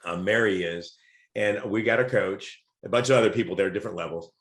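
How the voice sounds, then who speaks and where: Low-voiced man telling stories in a roomy space. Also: a little fast. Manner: lively anecdotal storyteller. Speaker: podcast guest. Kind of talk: casual storytelling. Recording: roomy echo.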